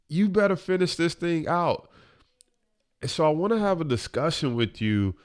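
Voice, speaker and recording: A man telling a personal story as a motivational speaker, earnest and building from hushed to emphatic. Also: lowish voice.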